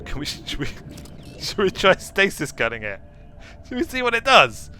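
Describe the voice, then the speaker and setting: A man's voice: high-pitched, big pitch swings, normal speed, bright, forceful tone. A man streaming a video game, giving playful, whimsical commentary and chatting to the creatures he meets. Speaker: gaming streamer. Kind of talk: playful let's play commentary. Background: faint game music.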